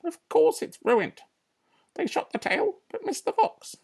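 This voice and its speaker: A man's voice: very high voice, wildly swooping pitch, measured pace, darkish tone, voice pushed up, full character voice. A man voicing a bossy farmer's wife who snaps impatient orders from upstairs, in a storybook reading.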